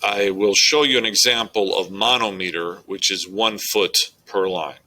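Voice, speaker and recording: A man's voice: on the low side, steady tone, measured pace, sharp tone, low-quality recording. A male English teacher giving a methodical, explanatory recorded lecture on poetry.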